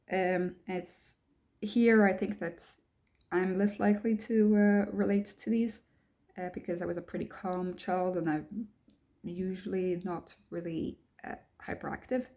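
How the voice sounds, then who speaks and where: A young woman vlogger with a fairly low, gravelly, mellow voice talks casually to camera. Thoughtful and hesitant, with many ums and restarts, she reads checklist items aloud and then answers them herself.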